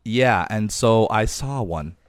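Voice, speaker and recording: A man's voice: on the low side, expressive, slow, no echo. A man hosting a podcast, chatting casually about cars and rambling a little with fillers. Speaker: podcast host. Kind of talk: casual car chat.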